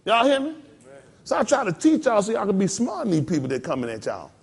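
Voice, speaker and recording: A pastor delivers a folksy, animated sermon, slipping into mock voices and laughing along with his congregation. His voice sits high and husky, and he talks fast.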